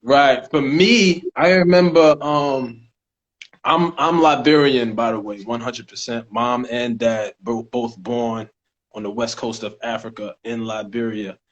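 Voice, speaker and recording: A man's voice: mid-range voice, steady tone. A man with a New York accent, an actor and co-host, chatting casually on a podcast with frequent restarts and easy laughter. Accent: New York (Staten Island). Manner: halting, restarts a lot, laughs easily. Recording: dull lo-fi recording.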